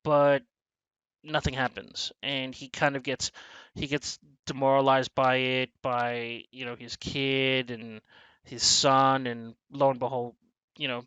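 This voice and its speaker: A man hosting a casual movie review chat, animated and swearing freely as he acts out scenes. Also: mid-range voice, slow pace, smooth, no echo, highs cut off. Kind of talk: casual film discussion.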